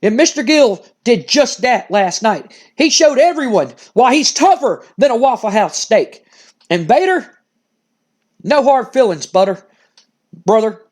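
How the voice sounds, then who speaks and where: A man voicing a smug, loudmouthed male wrestling manager cutting a brash, taunting promo. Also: high voice.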